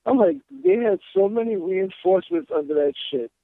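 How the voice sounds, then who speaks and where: Man, high voice, tinny phone-line sound, profane sarcastic rant. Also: lively intonation, moderate pace, no room sound. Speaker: co-host of wrestling podcast. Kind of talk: casual chat.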